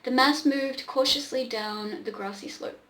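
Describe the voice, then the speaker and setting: A woman's voice: high-pitched, a little slow, fairly bright tone, reverberant, low-quality recording. A woman hosting a show, casually reading an old pulp story aloud, with irreverent swearing asides. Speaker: podcast host reading old pulp stories.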